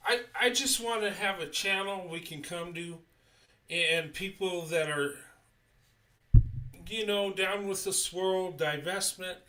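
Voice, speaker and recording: Middle-aged man, slightly high voice, slow, sincere live-stream host. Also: bright, forceful tone, recorded from a distance. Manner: earnest, repeats "okay?" often, halting restarts. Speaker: YouTube channel host. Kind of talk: livestream monologue.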